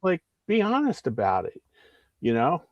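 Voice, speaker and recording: A man in his fifties from the area, chatting casually about films in a rambling, animated way with many restarts. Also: fairly high pitch, moderate pace, no room sound. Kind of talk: casual film chat. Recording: dull lo-fi stream audio.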